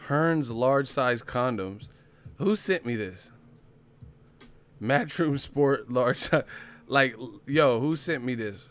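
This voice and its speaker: A man's voice: medium pitch, animated, slow, pauses often, fairly bright tone, clear, resonant tone. Profane laughing man on a live stream. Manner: profane, giggly, keeps breaking into laughter. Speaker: boxing channel host.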